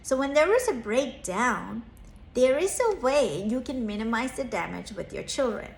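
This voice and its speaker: A woman's voice: on the high side, big pitch swings, normal speed, creaky, reverberant. A woman in her thirties, a therapist and parenting coach, telling a personal story in an earnest, reflective way, lifting her voice when she acts out quoted lines.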